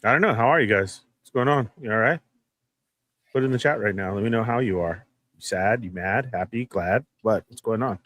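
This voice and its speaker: A man's voice: on the low side, brisk, a bit bright, dry recording. A man co-hosting a podcast in a casual, teasing, upbeat chat, hyping up the live viewers. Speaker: podcast co-host.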